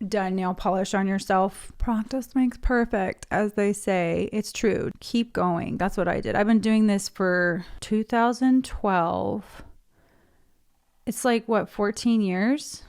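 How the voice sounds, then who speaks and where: Chatting into a desk mic at home, a beauty vlogger in her thirties narrates each stage of painting her nails. Her mid-range voice is clear and resonant with a darkish tone.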